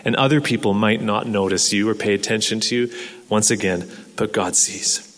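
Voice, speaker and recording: A man's voice: lowish voice, fairly even intonation, moderate pace, a bit bright. A man preaching a sermon in an earnest way, asking rhetorical questions and repeating words as he restarts. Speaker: pastor. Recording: long hall reverb.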